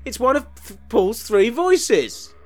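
A young man co-hosting a comedy podcast, chatting in an animated, playful, mock-pompous way. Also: very high-pitched, slow, faint music behind. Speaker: podcast co-host. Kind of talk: casual comedy chat.

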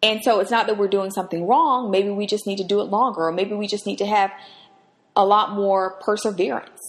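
A woman's voice: mid-range voice, fairly even intonation, a little fast. A woman hosting a podcast, giving an earnest, emphatic devotional Bible teaching. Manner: earnest, emphatic, rises sharply when acting out quotes.

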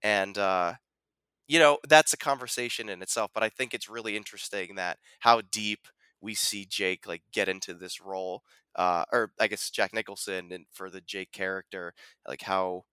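A man co-hosting a podcast, chatting casually about a film, animated and full of fillers, acting out quotes. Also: deep voice, moderate pace, clean tone, dry recording. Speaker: podcast co-host.

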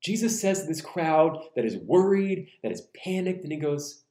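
A man preaching a sermon in an animated way, acting out quoted voices and slowing down for emphasis. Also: a little high, roomy sound. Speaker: pastor.

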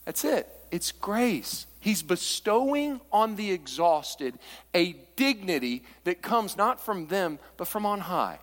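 Male pastor, fiery sermon delivery, very animated pitch, long church-hall reverb. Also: a little slow. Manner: impassioned, swings from hushed to near-shouting. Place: church sanctuary.

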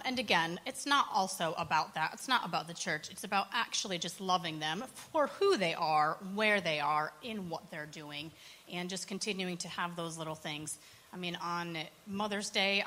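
A woman working in church poverty support, telling stories in an earnest, animated way during a panel conversation. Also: on the low side.

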